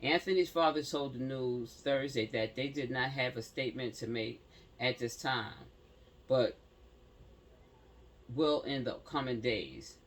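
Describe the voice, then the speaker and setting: A man's voice: medium pitch, measured pace, fairly bright tone. Man reading news with slangy asides. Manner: stumbles over words while reading, slangy asides to viewers. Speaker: commentary channel host. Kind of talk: reading a news story aloud with casual commentary.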